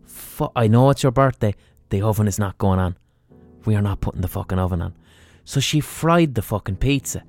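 Irish man, low voice, faint music under, comic sweary anecdotes, podcast host. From Ireland. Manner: animated, sweary, impersonates his mother. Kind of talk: comic storytelling monologue.

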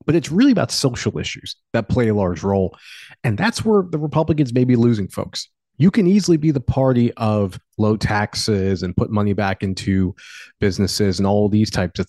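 A man from Pennsylvania appears as a talk show guest, delivering opinionated political commentary and arguing his points with energy. His voice is mid-range, and the recording has no echo.

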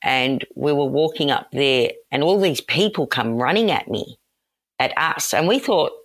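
A woman recounts her own story as a podcast guest. She talks with energy and replays quoted exchanges in lively voices. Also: rumbling low, measured pace. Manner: animated, acts out quoted exchanges, laughs. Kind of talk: personal storytelling.

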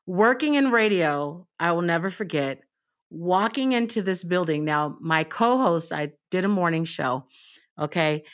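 A woman's voice: fairly low pitch, expressive, measured pace. A woman radio personality as a podcast guest, telling stories in an emphatic, conversational way. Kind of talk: casual chat.

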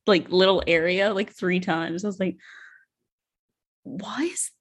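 A woman's voice: on the low side, steady tone, normal speed. A woman co-hosting a book podcast, talking casually and unhurriedly with plenty of fillers. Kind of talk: casual chat.

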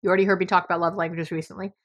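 A woman's voice: on the low side, little pitch movement, racing, fairly bright tone. A middle-aged woman from New York with a New York accent, hosting a podcast in a blunt, emphatic monologue and swearing freely. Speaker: podcast host.

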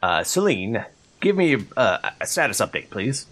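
A man's voice: mid-range voice, very animated, unhurried, a bit bright. A man voicing a pompous older male wizard boss, speaking in an odd put-on accent. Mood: commanding.

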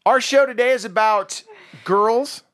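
A man's voice: very high voice, a little slow, no echo, studio quality. A middle-aged man hosting a casual parenting podcast, telling stories with jokey asides. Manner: animated storyteller, jokey asides. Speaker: podcast host.

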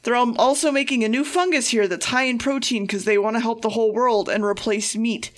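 A woman's voice: on the high side, fairly even intonation, fairly quick. A woman co-hosting a podcast, giving a casual, rambling and profane recap of an episode. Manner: profane and rambling, acting out quotes. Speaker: podcast co-host.

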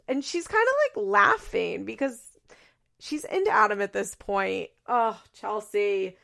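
A woman's voice: medium pitch, expressive, unhurried, gravelly, a bit bright. A woman hosting a podcast, recapping a reality show in casual chat. She talks in a chatty way, fills her sentences with "like" and laughs often.

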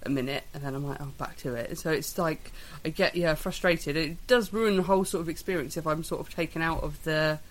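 A woman's voice: low voice, steady tone, a little fast, hardly any pauses. Chatty woman rambling on. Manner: chatty, rambling, self-deprecating. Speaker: podcast co-host. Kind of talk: casual chat.

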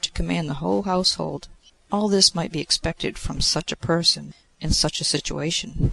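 A man reading the part of a sly, complaining young male cupbearer, gravelly in tone. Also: on the high side, sharp tone, dry recording, exaggerated voice, low-quality recording. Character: spiteful young male cupbearer, insolent favourite.

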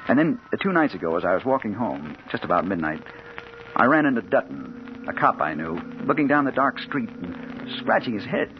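An actor playing a hard-boiled crime reporter in a 1940s radio drama, narrating in a terse, urgent first-person voice. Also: male voice, lowish voice, sing-song, moderate pace. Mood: brooding. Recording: old radio broadcast, dull with faint hiss.

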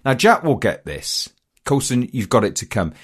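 A man's voice: mid-range voice, normal speed, husky. A middle-aged man chatting casually and telling comic stories, acting out voices as he goes. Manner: animated, acts out voices in his stories. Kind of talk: casual chat, comic storytelling.

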